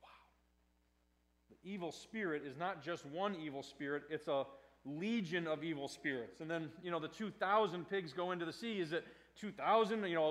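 A man preaching a sermon in a conversational way, swinging from hushed to loud. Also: sits high. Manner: conversational with fillers and restarts. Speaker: pastor.

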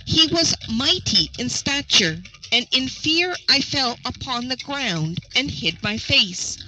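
A woman reading the lines of a gentle, sorrowful young male giant in a slow, ponderous storybook tone. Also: high voice, sing-song, background noise, heavily acted. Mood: mournful. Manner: ponderous but not unpleasant tone.

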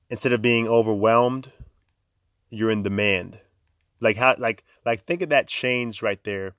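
A man's voice: fairly low pitch, a bit bright, dry recording, studio quality. A young man hosting a podcast in a chatty, upbeat way, laughing often and filling with "like". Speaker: podcast host. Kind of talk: casual motivational talk.

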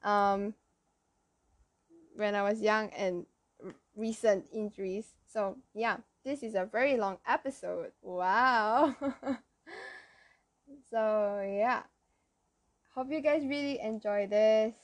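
A Malaysian teenage girl with a Malaysian Chinese accent hosts a laid-back solo podcast, pausing to search for words and giggling often. Her pitch is medium, and there's no echo.

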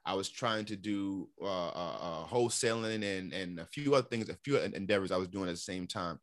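New york guy telling his story, kinda low voice, dead dry sound, repeats himself a lot. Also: a little fast, dry recording. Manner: animated, repeats words, acts out quotes. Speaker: interview guest. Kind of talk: casual storytelling.

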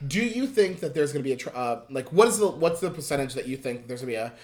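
A man's voice: mid-range voice, expressive, fast, reverberant. A young man hosting a podcast in casual chat, swearing freely, laughing often and restarting his sentences. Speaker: podcast host.

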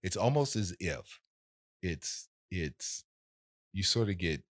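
A man in casual conversation, telling a story in an animated way and acting out the voices of people in it. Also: low-pitched, slow pace, no room sound, clean studio sound.

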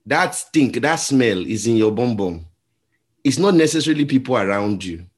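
A man with a Nigerian accent preaching a sermon as a pastor. He tells stories and acts out the voices in them, moving between quiet and loud. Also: medium pitch, lively intonation, normal speed. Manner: storytelling, acts out voices in a story, shifts between soft and loud.

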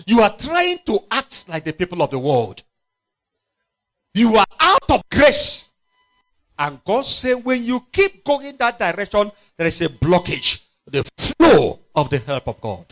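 Emphatic preacher, lively high voice. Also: male voice, a little slow. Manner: emphatic, repetitive preaching with sudden shouts and quiet drops. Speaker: pastor. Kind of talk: sermon.

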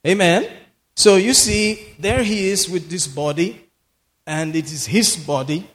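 A man's voice: high-pitched, measured pace, a bit bright. A man preaching a sermon in a church, emphatic, repeating phrases for effect and laughing often. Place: church hall. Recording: long hall reverb.

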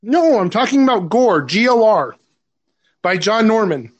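A man's voice: high voice, big pitch swings, a little slow, no echo, highs cut off. A man co-hosting a podcast in casual chat, crude and joking, laughing often and stumbling over his words. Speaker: podcast co-host.

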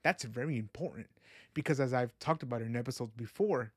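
A podcast host delivers a casual monologue in a mid-range voice that's a little fast with a breathy edge, earnest, reflective and faith-minded. He rambles and restarts, leaning on "you know" and "like." The sound is dry and close, with no room sound around it.

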